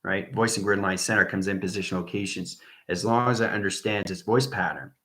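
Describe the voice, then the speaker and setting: Man, livestream host, low bright voice, excitable and repetitive, roomy echo. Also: brisk. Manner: enthusiastic, repetitive, drifts into whispers. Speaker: online spiritual teacher. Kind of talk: rambling livestream talk to viewers.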